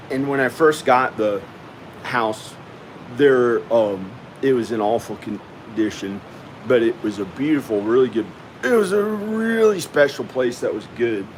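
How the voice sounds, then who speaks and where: A man's voice: medium pitch, slight background noise, poor audio. A man vlogging at home in a casual, rambling monologue, often repeating himself as he talks to the viewer. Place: at home indoors.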